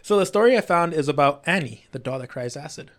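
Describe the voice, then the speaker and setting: A man co-hosting a casual podcast, animated and swearing often as he talks. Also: on the high side, quick pace. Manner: profane, animated, swears a lot. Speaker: podcast co-host. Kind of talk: casual chat.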